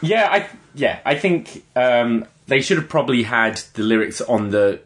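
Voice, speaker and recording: A young man co-hosting a casual wrestling podcast, easygoing and often pausing to think. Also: medium pitch, animated. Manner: easygoing, hesitant with fillers. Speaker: podcast co-host. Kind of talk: casual wrestling review chat.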